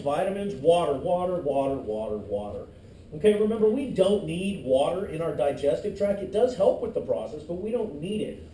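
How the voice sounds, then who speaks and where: A man's voice: high voice, warm tone, a little hiss or hum. A middle-aged male teacher giving a classroom lecture, quizzing the class and cracking jokes, recorded from far off in an echoey classroom. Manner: joking asides, quizzes the class.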